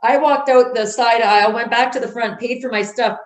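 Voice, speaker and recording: A woman's voice: fairly high pitch, steady tone, normal speed, roomy sound. A woman speaking in an interview, blunt and emphatic, acting out quotes as she tells stories. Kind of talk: conversational interview.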